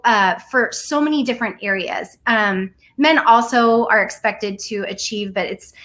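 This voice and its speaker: Woman, 40s, bright higher voice, earnest animated storyteller, casual chat. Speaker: guest. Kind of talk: casual conversation.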